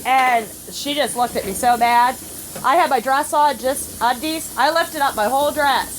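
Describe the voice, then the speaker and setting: High-voiced woman telling a story. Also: normal speed, background noise. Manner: animated storyteller, acts out other people's lines. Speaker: family vlogger. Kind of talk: casual storytelling while playing a phone game.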